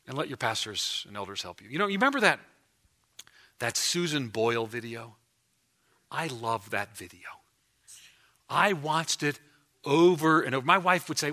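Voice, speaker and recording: A man preaching a sermon as pastor in a church, animated and emphatic, often restarting his phrases. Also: mid-range voice, a little fast. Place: church before a congregation.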